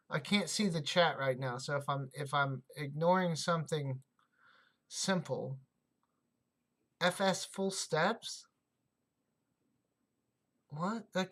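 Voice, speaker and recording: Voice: medium pitch, a bit bright. A livestream host in casual chat, thinking aloud while sorting coins and answering viewer comments.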